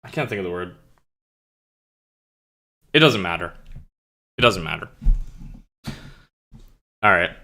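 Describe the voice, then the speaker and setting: Young male streamer, loose rambling talk full of swearing, lowish but bright voice. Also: expressive, takes it slowly, long pauses. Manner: rambling, swears a lot, searches for words. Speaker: streamer and writer. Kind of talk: casual chat with stream chat before a reading.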